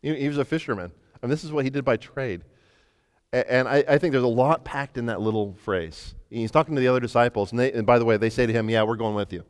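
Stammering preacher in a reverberant hall. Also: male voice, mid-range voice, fast talker, clean tone. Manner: animated storytelling with frequent stammered restarts. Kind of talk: sermon.

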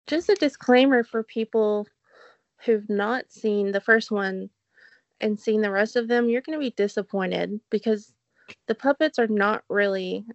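A woman's voice: medium pitch, a little slow, dry recording, muffled recording. A woman with a Southern US accent co-hosting a casual film podcast, laughing often with dry humor. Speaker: podcast co-host. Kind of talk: casual film review chat.

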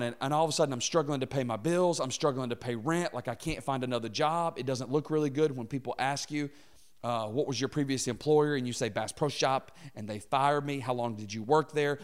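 A man's voice: mid-range voice, fairly quick. A man in his thirties preaching, telling a comic personal story and acting out the quotes in funny voices. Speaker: pastor. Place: church auditorium.

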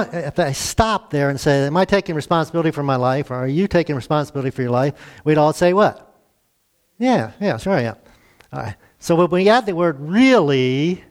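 A man preaching as pastor, with a voice sitting a little higher than most men's. He keeps it conversational, tossing rhetorical questions out to the congregation as he teaches. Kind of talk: sermon.

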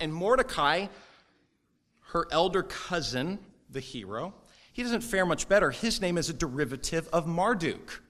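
A male pastor delivering a sermon in a lively, conversational way, breaking into quick asides. His voice sits a little high for a man. He now and then slips into short mock voices when he quotes people.

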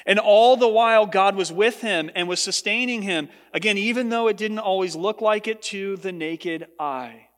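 In a large church hall full of long reverb, a man preaches to his congregation at a moderate pace with few pauses. His fairly bright voice stays earnest and rises whenever he voices what others said.

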